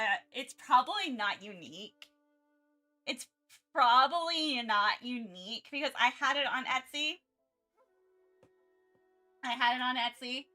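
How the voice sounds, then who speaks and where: A woman's voice: on the high side, pushed and bright. A woman streamer chatting casually during her art livestream, rambling with many restarts and frequent giggles.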